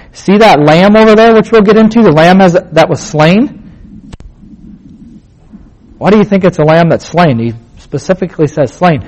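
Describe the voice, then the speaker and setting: A man's voice: a little high, darkish tone, poor audio. Man preaching with emphatic repetition. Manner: rhetorical questions and emphatic repetition; plain conversational phrasing. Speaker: Bible teacher. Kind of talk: casual sermon.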